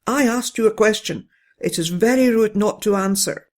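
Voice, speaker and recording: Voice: medium pitch, moderate pace, a little mellow, close to an everyday voice. A storyteller voicing a haughty, pampered female Pekingese show dog who speaks sharply in a bedtime story.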